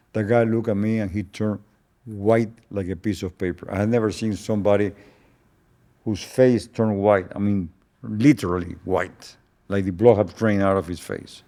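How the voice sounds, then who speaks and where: In an interview, an older native Spanish speaker slowly and solemnly relates something that happened, frequently pausing and repeating himself. He has a lowish, mellow voice with a steady tone.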